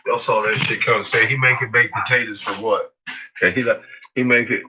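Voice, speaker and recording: Cooking at home for his vlog, this man talks a little fast, cursing and rambling as he chats with his dogs. His voice jumps to a high, excited pitch each time he speaks to them, and the dull lo-fi audio carries loud background noise.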